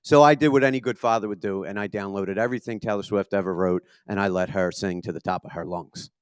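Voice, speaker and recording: Performing for a live crowd at a comedy club, a Philadelphia-accented man in his thirties delivers a self-deprecating, profane stand-up routine. He talks quickly in a fairly low, smooth voice. The recording is clean, studio-quality and echo-free, and his punchy delivery is full of swearing.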